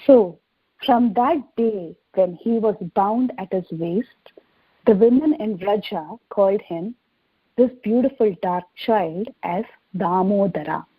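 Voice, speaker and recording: Husky woman telling a devotional story. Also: mid-range voice, no room sound. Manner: gentle, unhurried, with many fillers. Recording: dull dry recording.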